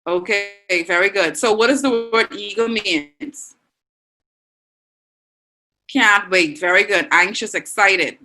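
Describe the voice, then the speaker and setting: A woman teacher with a Bahamian accent, leading an online class and warmly reading out and praising students' answers. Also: medium pitch, takes it slowly, pauses often, poor audio. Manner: encouraging, reads students' answers aloud with frequent praise.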